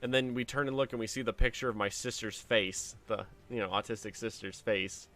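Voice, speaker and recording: A man streaming a game, telling family stories in a casual, lively way and acting out the voices of the people in them. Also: lowish voice, a little fast. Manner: animated anecdote telling with acted-out quotes. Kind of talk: casual storytelling while playing a game.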